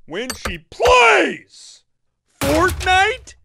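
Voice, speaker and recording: A man narrating yo mama jokes in an animated comedy, zany and exaggerated, shouting the punchlines. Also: very high-pitched, extremely slow, creaky, background noise. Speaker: joke-telling cartoon narrator. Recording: music bed.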